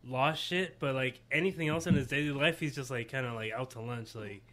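A man's voice: mid-range voice, fairly quick, pushed and bright. A young man in casual chat, rambling through a story with many "like" fillers.

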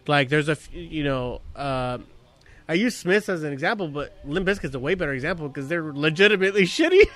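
A man co-hosting a casual podcast chat, talking animatedly with lots of swearing and laughter. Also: a little high. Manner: profane, animated, quick to laugh. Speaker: podcast co-host.

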